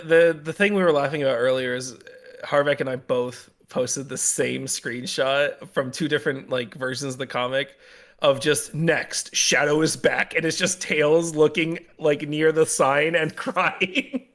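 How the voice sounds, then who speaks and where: A high-pitched man rants through a casual podcast chat about comics. He swears freely and his delivery lurches between fast bursts and slow, stressed words. His voice jumps up sharply when he gets worked up. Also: fairly even intonation. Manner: heated ranting, swears, swings in loudness and speed. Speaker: podcast co-host.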